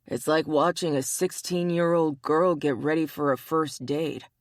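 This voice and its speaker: A woman's voice: low voice, fairly even intonation, a little slow, no room sound, clean studio sound. A woman voicing a mischievous male spirit bear who teases and mocks his friend, in an audiobook. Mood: teasing. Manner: teasing, mocking.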